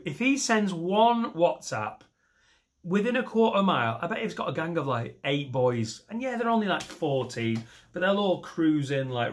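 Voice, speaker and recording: A man in his thirties doing a stand-up comedy set, rambling and self-mocking and jumping into loud voices for imagined scenes. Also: on the high side, sing-song, normal speed. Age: 30s. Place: comedy stage.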